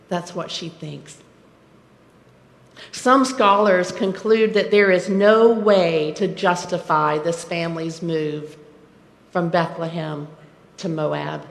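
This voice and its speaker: A woman pastor delivers a sermon at an unhurried, measured pace, pausing to ask the congregation questions. Her voice rings through a church sanctuary with a long, trailing reverb. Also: lowish voice. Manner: reflective, asks rhetorical questions.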